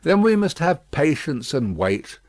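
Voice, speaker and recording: A fussy, loyal Englishwoman servant, bustling and emphatic, her voice pitched high and swinging up and down, as a man reads her in an audiobook. The sound is close and dry. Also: very animated, a little slow, a little mellow, dry recording.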